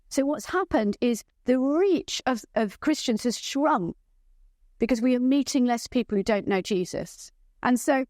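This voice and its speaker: This is a woman's fairly high, slightly mellow voice, recorded at studio quality with no echo. Presenting a church leadership training session, she's full of enthusiasm and often poses rhetorical questions to check in with her audience.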